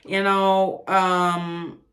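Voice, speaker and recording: A woman giving a casual tarot reading to camera, chatty and animated, with blunt, profane asides. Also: fairly low pitch, very slow, reverberant. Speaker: tarot reader.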